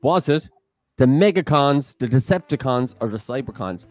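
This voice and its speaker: A man's voice: mid-range voice, expressive, normal speed, darkish tone, no room sound. A man co-hosting a live-streamed quiz, reading questions and options aloud in a playful way. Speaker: quiz co-host.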